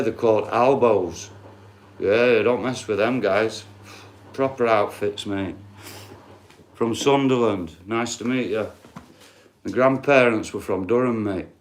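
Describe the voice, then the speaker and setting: A man in his late forties with a Yorkshire accent, chatting casually to his live-stream viewers, swearing freely and talking straight to the chat. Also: lowish voice. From Yorkshire, England. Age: 40s. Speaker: livestreamer.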